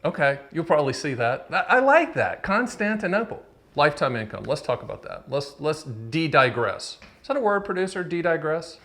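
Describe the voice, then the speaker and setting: A man's voice: on the high side, very animated, normal speed, fairly bright tone. A man in his fifties hosting his own annuity explainer video, chatty and joking, teasing his producer off camera and drifting into digressions. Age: 50s. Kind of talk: casual direct-to-camera explainer.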